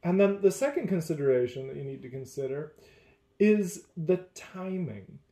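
A man who teaches, talking through faith and relationships in a measured, deliberate way. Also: fairly high pitch, sing-song, mellow, roomy sound. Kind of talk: casual faith discussion.

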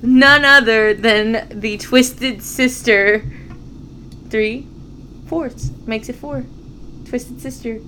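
A woman's voice: fairly high pitch, extremely slow, long pauses, bright, forceful tone, a little hiss or hum, poor audio. A woman co-hosting a casual wrestling chat, enthusiastic and giggly, leaning on her words for emphasis. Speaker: podcast co-host.

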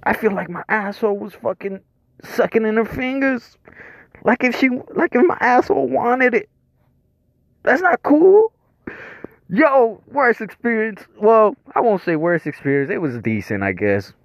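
A man with a somewhat high voice tells a crude, rambling comic story, swearing freely and chuckling as he goes. The recording is dull and lo-fi, with a dry, close sound and no room echo. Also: expressive, normal speed. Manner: profane, rambling, chuckles between lines.

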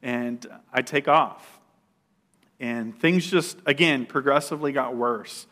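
A man's voice: medium pitch, slow, fairly bright tone. A man sharing a personal testimony in a loose, conversational way, with fillers and restarts and an occasional laugh at himself. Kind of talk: casual personal testimony storytelling.

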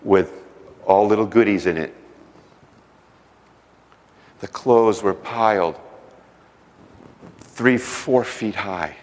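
A middle-aged man preaching a sermon with stories, shifting between loud emphasis and hushed, slowed phrases. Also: lowish voice. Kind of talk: sermon storytelling. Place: church sanctuary. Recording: long reverb of a large hall.

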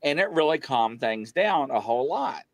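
Speaking at normal speed with no echo, this paranormal show guest shares a spooky tale in relaxed chat. He's lively, and his voice jumps sharply whenever he acts out what someone said.

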